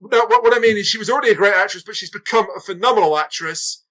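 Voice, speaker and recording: Earnest man co-host, high, bright voice, firm opinions. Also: fast talker, poor audio. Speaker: podcast co-host. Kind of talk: casual chat.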